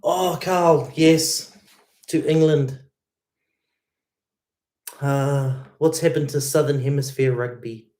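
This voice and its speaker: A man hosts a guitar livestream, speaking slowly with long pauses in a mid-range, darkish voice. Laid-back and casual, he reads viewer comments and chats with them, peppering his talk with "man" and "mate."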